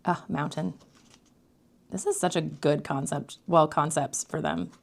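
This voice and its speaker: A woman vlogger giving casual unboxing commentary, excitable, gasping and often slipping into whispers. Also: deep voice, unhurried, vocal fry.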